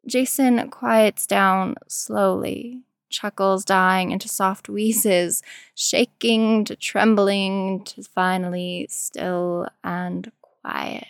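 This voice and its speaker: A woman reading a story aloud in a slow, measured storytelling manner. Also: mid-range voice, steady tone, vocal fry, smooth, no room sound, studio quality. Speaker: narrator. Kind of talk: fan fiction reading.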